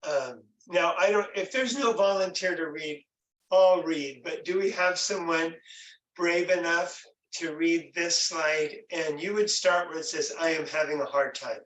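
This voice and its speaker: A man leading a stress workshop in a gentle, encouraging, conversational way. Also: on the high side, measured pace, reverberant, far from the mic, poor audio. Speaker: workshop presenter. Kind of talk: online workshop teaching.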